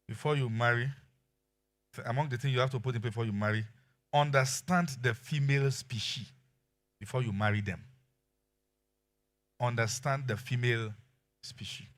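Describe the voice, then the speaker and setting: A middle-aged man with a Nigerian accent preaching a sermon, shifting between quiet asides and loud exclamations. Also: mid-range voice. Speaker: pastor.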